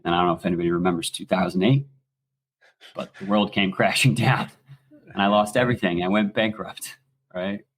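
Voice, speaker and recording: A middle-aged American man telling stories as a podcast guest, animated and swearing freely in casual talk. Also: deep voice, brisk. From United States. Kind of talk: casual storytelling.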